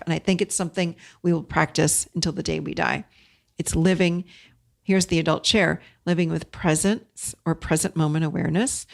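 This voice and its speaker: Woman, middle-aged, podcast host, gravelly, earnest direct coaching talk. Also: lowish voice. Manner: earnest and direct, addresses listeners as "you guys".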